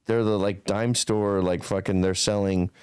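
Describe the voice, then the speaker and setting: A man's voice: on the low side, steady tone, unhurried, darkish tone, clean tone, no room sound. A man in his fifties, a podcast guest telling stories in a blunt, profane, casual way. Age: 50s.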